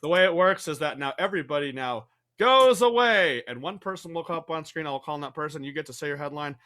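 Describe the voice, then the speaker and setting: A man's voice: on the high side, fast, pushed and bright. A man explaining and calling on players for an improv game over a video call, with rambling self-deprecating asides.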